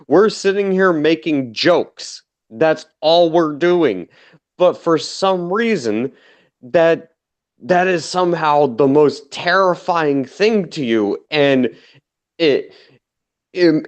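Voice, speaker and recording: A man's voice: on the high side, dry recording, dull audio. A man in casual online chat, arguing his point at length with swearing, from a home mic. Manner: measured, drawn-out argument with swearing.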